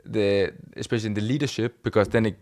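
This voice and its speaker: A man hosting a podcast interview, asking loose, rambling questions in a relaxed, casual way. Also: lowish voice, fast talker. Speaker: podcast host.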